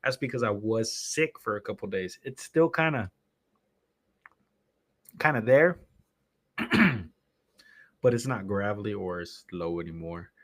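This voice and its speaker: This man hosts a live stream, rambling and chatting as he sets up the show, often breaking off his own thoughts. A streamer and podcast host, he speaks in a fairly low, fairly bright voice that is animated yet unhurried, pausing often.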